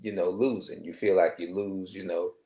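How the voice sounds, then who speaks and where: A man in his forties talking to camera in a rambling personal monologue, halting and restarting often. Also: low voice, fairly even intonation, warm tone. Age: 40s. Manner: halting, many restarts and filler phrases. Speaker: vlogger.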